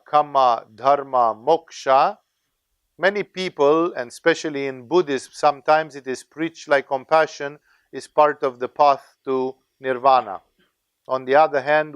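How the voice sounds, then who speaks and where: A man's voice: medium pitch, clean tone, no room sound. A man teaching as a spiritual teacher, lecturing in a discursive, conversational way with frequent tag questions.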